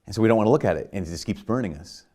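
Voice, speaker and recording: Low-voiced conversational priest preaching. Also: male voice, lively intonation, rapid-fire, warm tone. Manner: conversational, frequent "like" and restarts; rises to emphatic bursts. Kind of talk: sermon.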